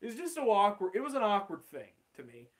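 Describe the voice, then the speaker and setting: A man's voice: high voice, huge pitch swings, brisk. A young man casually telling an awkward personal story, rambling and swearing, with lots of fillers. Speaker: channel host.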